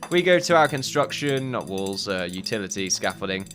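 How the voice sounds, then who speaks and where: A man giving casual gameplay commentary, thinking aloud in a muttering way with sudden loud outbursts. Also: fairly low pitch, very animated, normal speed, faint music behind. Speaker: gaming video host.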